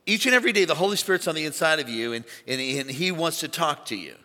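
Male pastor preaching a lively sermon, bright, slightly high voice, long reverb of a large church. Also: fast talker. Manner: animated preaching, calls for congregation to shout.

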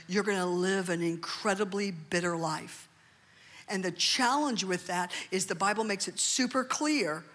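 Woman preaching in a reverberant hall. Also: medium pitch. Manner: animated preaching, asks the congregation for amens. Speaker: pastor. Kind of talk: sermon. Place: church hall. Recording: long reverb of a large hall.

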